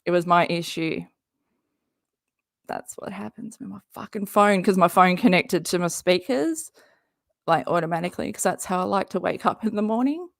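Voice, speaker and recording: A woman's voice: on the low side, moderate pace, vocal fry, dry recording, studio quality. A woman chatting loosely while reacting live to a stream, rambling, swearing and cutting herself off. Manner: swearing, rambling, self-interrupting, laughing. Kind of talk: casual live reaction commentary.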